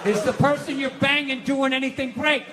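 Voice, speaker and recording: A man doing a stand-up routine, ranting loudly and dropping to a low mutter. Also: fairly even intonation, brisk, heavy background noise. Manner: loud ranting, swings from shouting to low mutter. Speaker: stand-up comedian. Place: comedy club stage.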